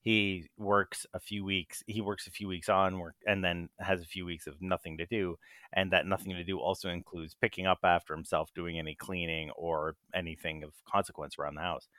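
A man's voice: sits low, little pitch movement, brisk, pushed and bright, dry recording, studio quality. A man co-hosting a casual podcast from his bedroom, rambling and joking at his own expense. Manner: rambling, joking, self-deprecating. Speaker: podcast co-host. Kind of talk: casual chat. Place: hot small bedroom with no fan. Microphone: desk microphone.

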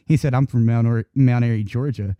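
A man's voice: medium pitch, fairly quick, muffled recording. A man from North Carolina hosting a podcast, telling stories with lots of swearing. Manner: profane, animated storytelling. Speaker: podcast host. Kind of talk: casual chat.

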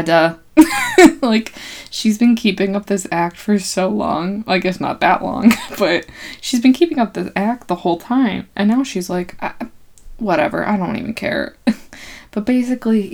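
A woman's voice: medium pitch, darkish tone. Laughing chatty young woman recapping a film. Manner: chatty, laughs often, slangy, acts out quotes. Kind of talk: casual comedic film recap.

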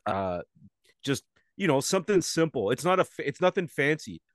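A man's voice: a little high, big pitch swings, normal speed, dry recording. Male co-host, rambling casual chat, dry close recording. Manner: rambling, with frequent fillers and restarts.

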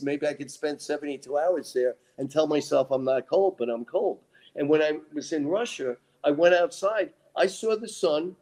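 Man, fairly high voice, interview guest and author: rambling, theatrical storyteller who acts out what he said. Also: mellow. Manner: rambling, dramatic, acts out his own quotes.

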